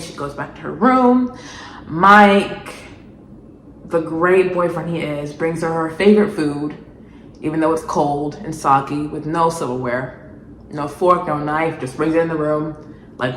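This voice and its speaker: A woman ranting in a vlog commentary, animated, sarcastic and exasperated. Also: low-pitched, measured pace, roomy sound, a little hiss or hum, low-quality recording. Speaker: video essayist.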